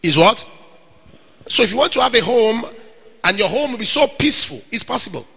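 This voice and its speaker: A man preaching a sermon to young single men, animated and playful, acting out little scenes. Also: very high voice, fairly quick, vocal fry, husky, in a large hall. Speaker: pastor.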